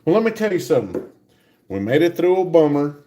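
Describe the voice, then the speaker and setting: A man's voice: on the high side, big pitch swings, brisk, dark tone. A man with a Texan accent co-hosting a casual livestream from home, laid-back and joking, telling stories. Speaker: co-host of a livestream. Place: home kitchen.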